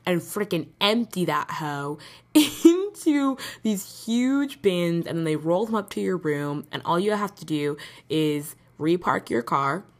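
A woman's voice: lowish voice, animated, unhurried. A young woman hosting her own podcast, telling rambling stories in casual chat and laughing often. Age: young adult. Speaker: podcast host. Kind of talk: casual solo podcast storytelling.

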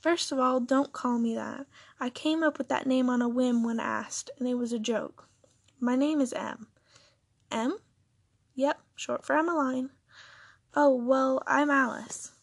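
A woman voicing a young female supervillain who talks in a dry, sarcastic, offhand way, with a husky voice. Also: high voice, fairly even intonation, unhurried, dry recording, full character voice.

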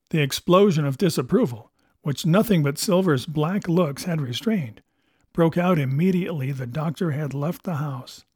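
Male audiobook narrator, measured expressive storytelling, mellow tone, dry close sound. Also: a little high, husky, dry recording. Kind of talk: first-person storybook narration.

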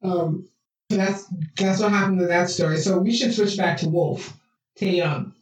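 A woman's voice: fairly low pitch, moderate pace. A woman co-hosting a casual chat, animatedly recapping a TV drama and acting out its scenes. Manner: animated, acts out scenes with laughs. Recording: echoey room, far from mic.

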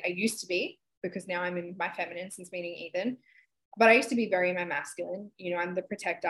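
A woman's voice: on the low side, a bit bright, rough recording. Woman podcast host, thirties, candid, emotional, sweary, casual chat.

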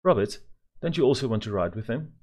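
A man voicing a cheerful, fussing mother who urges her children loudly. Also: medium pitch, animated, fast talker, slightly rough, pitched above the performer's own voice. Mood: urging.

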